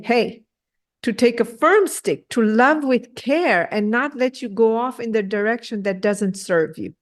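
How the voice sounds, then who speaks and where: A woman leads an online scripture class over a video call, her voice sitting a little high. She talks in an animated, direct way, acting out the voices she quotes and often checking in with her listeners. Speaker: spiritual teacher.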